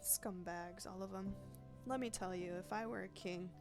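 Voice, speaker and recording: A proud, street-worn older woman who refuses charity and talks bluntly, her voice gravelly and rough at the edges, voiced by a woman reading along with a game. Faint game music plays underneath. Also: mid-range voice, steady tone, moderate pace, lightly acted. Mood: scornful. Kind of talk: reading game dialogue aloud.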